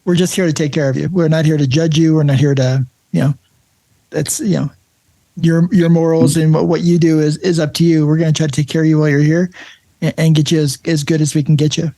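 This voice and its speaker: Male nurse host, fairly high but gravelly, mellow, dry sound; friendly storyteller. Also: flat delivery, fast, no echo. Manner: friendly storyteller, laughs often, repeats words. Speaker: podcast host, emergency nurse. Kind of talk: casual interview chat.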